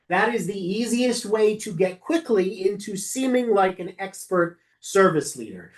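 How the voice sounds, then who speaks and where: Rabbi, teaching lay leaders, casual instructional talk, frequent self-corrections, mid-pitched voice.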